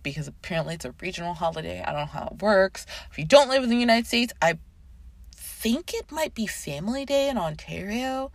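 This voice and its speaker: A woman in her thirties hosting a casual podcast, chatty and animated, swearing and going off on tangents. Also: mid-range voice, brisk, gravelly, no room sound. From Canada. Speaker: podcast host. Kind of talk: casual chat.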